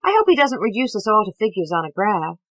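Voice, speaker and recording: A woman's voice: mid-range voice, very animated, fast talker, a bit bright, no echo, poor audio. A woman reading a witty young woman who speaks with polite, sly irony. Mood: wry.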